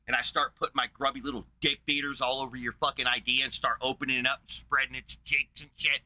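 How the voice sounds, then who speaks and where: A man's voice: medium pitch, little pitch movement, fast, hardly any pauses, bright, forceful tone. A man streaming a casual, profane rant in a blunt, combative way.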